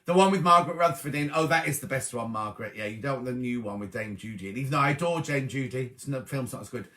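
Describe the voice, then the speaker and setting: Middle-aged guy hosting a sewing livestream, bright voice, chatty, greets everyone by name. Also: mid-range voice, quick pace. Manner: chatty and warm-hearted, greets viewers by name. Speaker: host of a live sewing show. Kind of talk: casual live-stream chat, reading out viewer comments.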